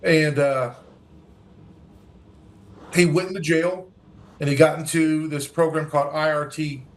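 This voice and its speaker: Earnest man telling a story, slightly high voice. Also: fairly even intonation, a little slow. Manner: earnest, acts out dialogue, frequent restarts. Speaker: guest, recovery organization leader. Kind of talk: storytelling in a conversational interview.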